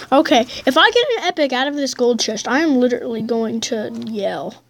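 High-voiced excitable young woman gamer. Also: moderate pace. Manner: excitable, bursts into high squeals and drops to mutters. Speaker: gameplay commentator. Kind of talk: casual gameplay commentary.

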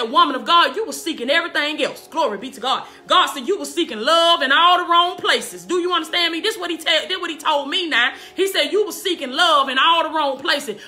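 A woman's voice: sits high, pushed and bright. A woman life coach preaching casually to a live-stream audience from her home kitchen, fervent and repetitive, often laughing between praise calls. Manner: fervent, repeats praise calls and "do you understand me".

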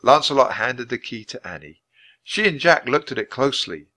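A man reads a children's storybook aloud with clear, measured delivery meant for English learners. His voice is bright and forceful, and his pitch rises and falls in lively swings. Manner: clear, expressive, measured reading. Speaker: storybook reader. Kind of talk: reading a children's book aloud for ESL learners.

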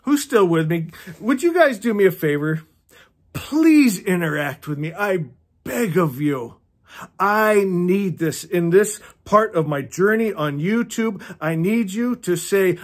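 A man's voice: sits high, lively intonation, normal speed. A man in his fifties reading a novel aloud on his channel and breaking off for impassioned, preachy asides, chuckling often. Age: 50s. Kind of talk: earnest read-along commentary.

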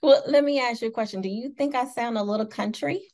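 A woman's voice: a little high, fast, darkish tone. A woman from Indiana with a Midwestern American accent, hosting an interview in a bubbly, giggly, enthusiastic way. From Indianapolis, Indiana, USA. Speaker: talk show host. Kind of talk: casual interview chat.

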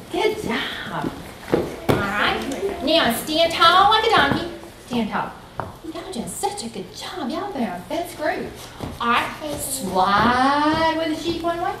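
A woman's voice: sits high, background noise. A woman with a Southern US accent calling out a children's action dance, upbeat and encouraging in a sing-song way. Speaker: fair representative leading a children's dance. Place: library room with children. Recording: echoey room, distant mic, crowd.

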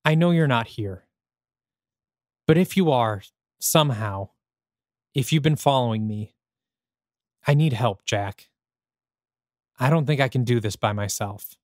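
A man's voice: medium pitch, expressive, a little slow, pauses often, no echo, clean studio sound, natural voice. A man voicing a jumpy ex-soldier adventurer who talks in a nervous, earnest, self-deprecating way, while reading a screenplay aloud.

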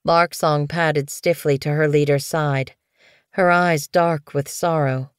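A woman narrating an audiobook in a steady, even storytelling manner. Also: low-pitched, slow pace, smooth, dry recording, studio quality. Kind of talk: scripted narration.

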